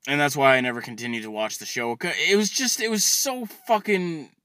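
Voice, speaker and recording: A man ranting comedically, swearing constantly and stammering through restarts, swinging between loud outbursts and low mutters. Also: brisk, clear, resonant tone, no echo, clean studio sound. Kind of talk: profane comedic rant.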